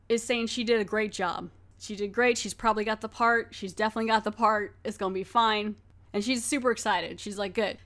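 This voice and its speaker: A woman's voice: medium pitch, a bit bright. Chatty woman recapping an episode. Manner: chatty, laughing, many fillers. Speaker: podcast host.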